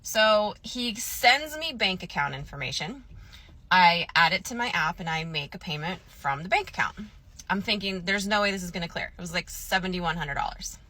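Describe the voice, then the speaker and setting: Woman, bright voice, chatty animated storytelling, acts out conversations. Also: fairly low pitch, normal speed. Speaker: woman telling her own story. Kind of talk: casual storytelling clip.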